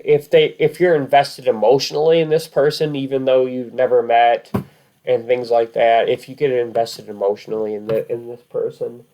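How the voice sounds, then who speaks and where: A man's voice: mid-range voice, a little mellow. A man talking casually to camera as a vlog host, rambling with many fillers and restarts.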